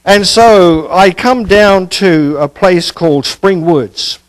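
A man's voice: sits high, slow, poor audio. A male preacher giving a conversational expository sermon, with casual asides and rhetorical questions.

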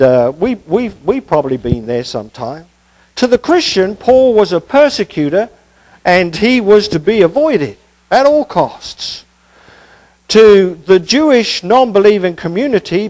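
A man's voice: high-pitched, darkish tone, poor audio. A male preacher giving a conversational expository sermon, with casual asides and rhetorical questions.

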